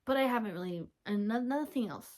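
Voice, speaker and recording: A woman's voice: fairly high pitch, brisk. Gushing young woman chatting from home. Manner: gushing, chatty, with sudden whispers and excited squeals. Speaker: podcast host. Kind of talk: casual chat.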